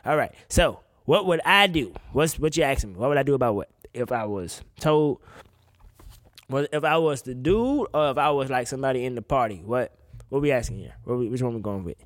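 A man's voice: mid-range voice, animated, fairly quick, dry recording, clean studio sound. A man ranting casually on a podcast, incredulous and swearing often, a bit tipsy. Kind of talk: casual opinion rant.

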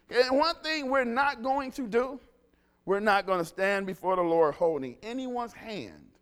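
A man preaching a lively sermon, telling stories and calling the congregation to respond. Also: high-pitched. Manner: animated, call-and-response with congregation.

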